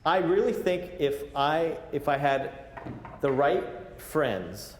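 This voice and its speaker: A man's voice: fairly high pitch, takes it slowly, slight background noise. A man teaching a clarinet masterclass, coaching the players with jokes and counting them in. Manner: animated, joking, coaching with counts. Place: large recital hall. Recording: roomy hall sound, faint ambience.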